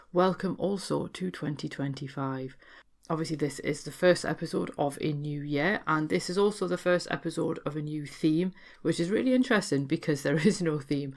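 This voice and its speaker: A woman from Newcastle in North East England, speaking with a Geordie accent, hosts a podcast and delivers a monologue explaining her topic in a chatty way. Her voice sits low with vocal fry at a moderate pace.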